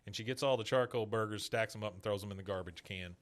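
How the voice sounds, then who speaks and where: A man's voice: on the low side, fast, few pauses. A male podcast host casually recapping a cartoon episode, quoting characters as he goes. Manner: chatty, quotes characters in passing.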